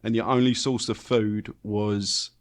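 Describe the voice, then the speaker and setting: A man's voice: fairly low pitch, little pitch movement, a little slow. A man co-hosting a podcast over a remote call, chatting animatedly, laughing often and swearing casually. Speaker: podcast co-host. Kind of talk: casual chat. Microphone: remote call mic.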